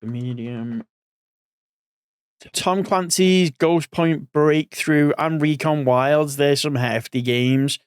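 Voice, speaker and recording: A man's voice: on the high side, slow, clear, resonant tone, no room sound, clean studio sound. A man in his forties giving casual gaming commentary as a streamer, rambling and thinking aloud, a bit sleepy. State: sleepy, yawning.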